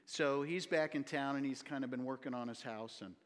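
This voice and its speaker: A man's voice: medium pitch, brisk. Male pastor, mid voice, casual storyteller; long hall reverb. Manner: folksy, chatty storyteller with many fillers. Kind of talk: sermon with church announcements. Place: church sanctuary.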